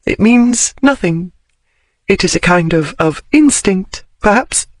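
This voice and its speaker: Indignant young woman, prim and over-formal, pitched up; a man doing the voice. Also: animated, slow, no echo. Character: proud indignant young Englishwoman, flustered.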